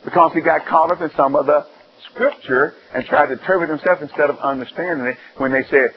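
A man preaching a sermon, telling stories with animated ups and downs in his delivery. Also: fairly quick, highs cut off, a little hiss or hum. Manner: animated storytelling, rising high and loud when excited.

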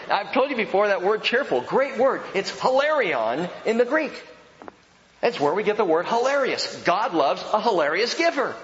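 A man preaching a sermon as pastor, animated and emphatic with humorous asides. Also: sits high, moderate pace, a little hiss or hum. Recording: dull sound with long hall reverb.

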